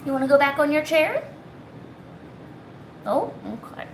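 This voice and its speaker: A sick woman streaming her drawing, chatting softly to her pets and cooing at them. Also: sits high, big pitch swings, measured pace, slight background noise, low-quality recording. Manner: soft, cooing pet talk. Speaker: art streamer. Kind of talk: casual chat to her pets while drawing. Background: faint music.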